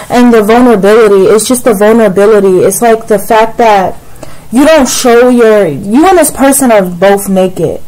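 A tarot reader gives a casual reading, speaking straight to the viewer and rambling, filling her talk with "like" and "it's like." Her voice is medium-pitched with a darkish tone, and the audio quality is poor.

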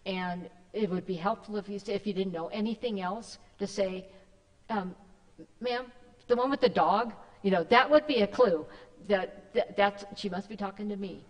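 A woman's voice: mid-range voice, normal speed, big-room sound, rough recording. A woman giving a casual, rambling talk to a church group, with many fillers and restarts. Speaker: guest speaker. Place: church hall.

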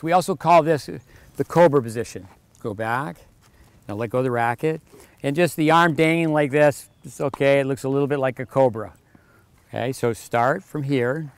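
A man's voice: medium pitch, clear, resonant tone, no echo. A male tennis coach works with a player on an outdoor court, explaining the technique and giving brief, practical commands. He counts out the rhythm of the serve in a patient, instructive voice.

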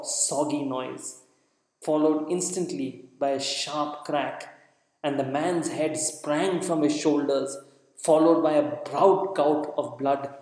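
A man reading dramatic narration at a measured pace, with occasional slips and restarts. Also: on the high side, a little mellow. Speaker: audiobook narrator. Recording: echoey reverberant room.

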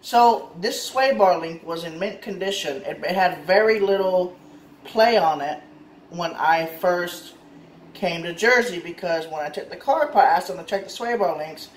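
A man's voice: high-pitched, normal speed, reverberant, slight background noise. A man ranting in a casual vlog, frustrated and repetitive, swearing often. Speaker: car owner vlogger.

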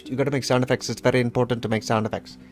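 A man's voice: mid-range voice, little pitch movement, very fast, a little mellow, soft background music. A man leading a casual draw-along lesson, talking as he draws, playful and rambling with self-mocking asides. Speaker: drawing instructor.

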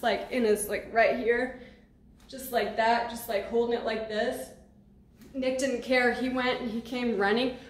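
A woman telling a personal story to camera in a casual storytime vlog, blunt and animated, swearing freely as she goes. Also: on the high side, reverberant. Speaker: vlogger.

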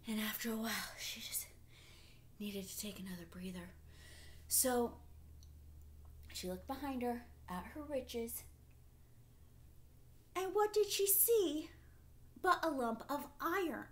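A woman narrates a fairy tale at a slow, unhurried pace. Her voice sits fairly high and often drops into a hushed, half-whispered delivery. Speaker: storyteller. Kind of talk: storytelling performance.

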